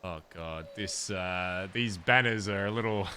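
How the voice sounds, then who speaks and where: A man's voice: deep voice, a little slow, pushed and bright, slight background noise. A man streaming a roleplay game, talking casually to his viewers and often checking in with them. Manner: chatty, addresses viewers directly, frequent "okay?". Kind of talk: casual end-of-stream chat.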